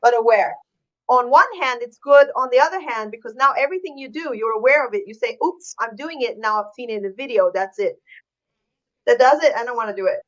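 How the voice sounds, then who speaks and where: Lively woman host, dull lo-fi sound. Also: a little high, fast talker. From Brazil. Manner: lively, laughing in disbelief. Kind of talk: interview chat. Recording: dull lo-fi audio.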